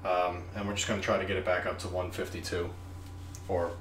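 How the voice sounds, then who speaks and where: A man ranting profanely on a casual live stream while brewing beer in his kitchen, swinging from muttering to shouting. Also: low-pitched, little pitch movement, a little fast, echoey room, a little hiss or hum. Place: home kitchen.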